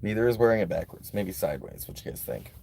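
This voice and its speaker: Quick and sing-song, this low male voice has a dark tone and vocal fry, with a bit of hiss or hum behind it. A livestreaming vlogger at the beach chats loosely while reading donations, rambling and relaxed with frequent "like" and "um."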